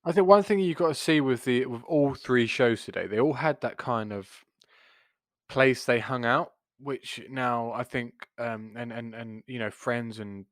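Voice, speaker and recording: A man's voice: mid-range voice, measured pace, fairly bright tone, no room sound, clean studio sound. A man co-hosting a podcast, retelling a sitcom episode in a rambling, chatty way with lots of restarts. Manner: rambling, many restarts, chuckles while retelling. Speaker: podcast co-host. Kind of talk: casual chat recapping a sitcom episode.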